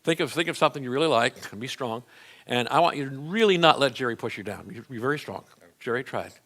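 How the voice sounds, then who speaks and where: A man's voice: medium pitch, lively intonation, fast, fairly bright tone. A middle-aged man, a minister, teaching a live lesson to a church audience in a conversational, plain-spoken way with frequent restarts.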